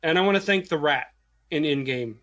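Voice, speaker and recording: A man in his thirties co-hosting a podcast, excitable and profane, gushing in casual chat. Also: a little high, a little fast. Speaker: podcast co-host.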